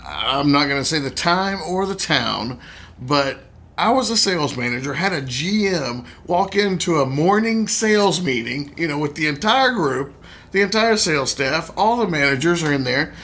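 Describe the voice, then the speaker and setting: Here is a middle-aged man co-hosting a casual podcast, full of sarcastic wisecracks and mocking impressions. His voice runs a little high and bright. He talks like a former sales manager swapping stories. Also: lively intonation, moderate pace. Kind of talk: casual chat.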